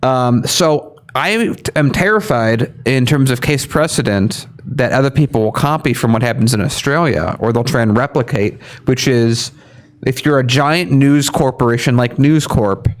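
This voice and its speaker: A man's voice: mid-range voice, normal speed. A young man co-hosting an online news show, giving casual, argumentative opinion commentary and slipping into mocking quoted voices.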